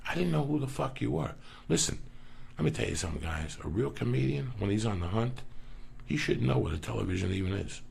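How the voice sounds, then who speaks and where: Very gravelly middle-aged man telling stories. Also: on the low side, quick pace, slight background noise. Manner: animated, swearing constantly, acting out other voices. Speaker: comedian guest. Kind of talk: profane podcast storytelling.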